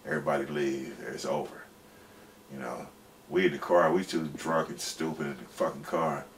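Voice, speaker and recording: A man's voice: a bass voice, steady tone, moderate pace. A man in his forties, a guest telling a long, rambling story in profane, slangy casual speech. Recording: distant mic with faint background noise.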